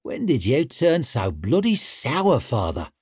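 A brash young warrior king swaggers through his lines, loud and boastful, pitched high with a cocky edge, as a man reads him aloud. The storybook recording is close and dry. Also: huge pitch swings, slow pace, husky, no echo, exaggerated voice. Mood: mocking.

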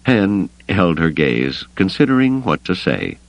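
A man narrating a novel as an audiobook, with expressive storytelling. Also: sits low, unhurried, gravelly, no room sound, low-quality recording. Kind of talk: scripted narration.

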